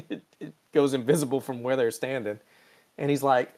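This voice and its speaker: A man's voice: medium pitch, fairly even intonation, a little mellow. A man hosting a podcast, casually recapping a TV episode in a profane, storytelling way. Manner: profane, storytelling with quick character voices. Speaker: podcast host.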